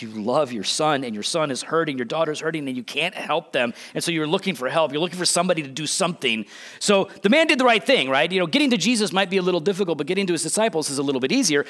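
A middle-aged man preaching a sermon, animated, with frequent restarts and asides to the congregation. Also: on the high side. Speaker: pastor.

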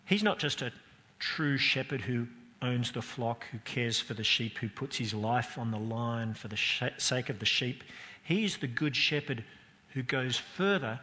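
Bright-voiced man preaching in a reverberant hall. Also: medium pitch, measured pace. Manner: earnest, emphatic, rising and falling for stress. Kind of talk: sermon.

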